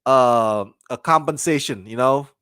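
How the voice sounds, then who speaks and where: Reviewing a TV episode for his own channel, a man talks loosely and animatedly, starting over again and again and laughing in bursts. The voice is mid-range and smooth, the delivery a little slow, and the recording dry.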